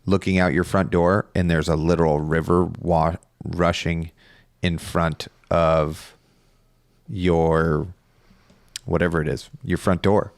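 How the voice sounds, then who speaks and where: A man's voice: low-pitched, level tone, slow pace, dry recording, studio quality. A young man, co-host of a podcast, chatting casually and telling a rambling story with frequent laughs. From Northern California. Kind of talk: casual chat.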